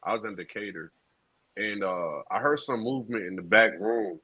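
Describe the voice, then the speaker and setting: A man co-hosting a podcast, telling a profane story in a casual, animated street style. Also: lowish voice, normal speed, husky, no echo. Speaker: podcast co-host. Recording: dull lo-fi sound.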